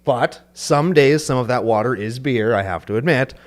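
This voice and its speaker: A man's voice: medium pitch, normal speed. A man co-hosting a casual podcast chat, telling stories and acting out funny quoted lines. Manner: lively storyteller, acts out scenes with funny quoted voices. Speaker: podcast co-host.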